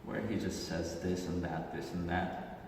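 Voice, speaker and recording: A low-voiced man with an Azerbaijani accent reads a comic monologue at a steady, deliberate pace. He is heard from a distance in a large hall with long, heavy reverb and a faint hiss underneath. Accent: Azerbaijani, Aghdam. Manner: deliberate, measured delivery with occasional restarts. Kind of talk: reading a prepared comic monologue.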